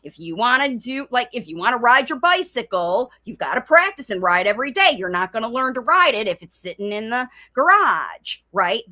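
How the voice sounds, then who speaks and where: A woman's voice: fairly high pitch, big pitch swings, normal speed, hardly any pauses, sharp tone. A middle-aged woman speech coach giving parents an earnest, conversational talk with emphatic advice. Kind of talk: informal teaching talk to parents.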